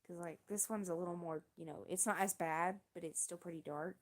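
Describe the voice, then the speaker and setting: Low-voiced woman rambling through a story. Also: fairly even intonation. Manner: rambling, halting, with many restarts and fillers; swears casually. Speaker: streamer. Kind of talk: casual storytelling on a livestream.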